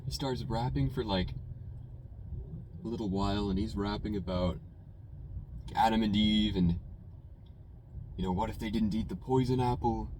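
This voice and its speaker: A young man with a fairly low voice, recounting a story in a loose, rambling way. He keeps slipping in casual fillers as he goes. He is sitting in a car, and a faint hum of noise runs underneath. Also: darkish tone, rough recording. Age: young adult. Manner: rambling, conversational, full of "you know" and "man". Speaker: food reviewer telling a story.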